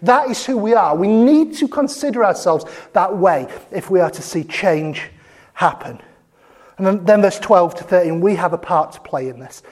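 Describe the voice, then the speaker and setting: Preacher mid-sermon: earnest and emphatic, a middle-pitched voice, slows down to read scripture aloud. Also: expressive, a little mellow. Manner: emphatic, asks the congregation questions, repeats "okay?"; reads scripture verses aloud, slowing for emphasis.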